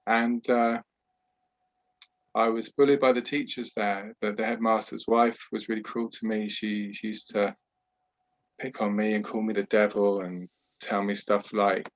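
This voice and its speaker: Low-voiced man telling his story. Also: flat delivery, dull audio. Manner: candid, measured, with many "you know" asides. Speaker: podcast guest, trauma healer. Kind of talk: reflective personal storytelling.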